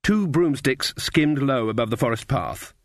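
Guy reading a fantasy audiobook, wry and steady, dead dry room. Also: medium pitch, no room sound. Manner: wry, measured storytelling. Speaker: narrator. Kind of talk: audiobook narration.

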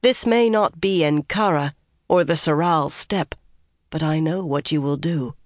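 A reader voicing a gentle young woman who coaxes and praises soldiers softly and slowly. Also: medium pitch, no echo, clean studio sound, natural voice. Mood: coaxing. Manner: gentle, coaxing.

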